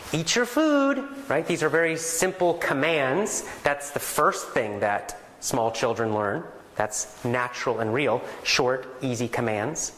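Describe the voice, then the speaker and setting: Animated man teaching in an echoey room. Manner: animated, explanatory, acts out greetings in a lively higher voice. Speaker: language teacher. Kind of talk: casual spoken lesson.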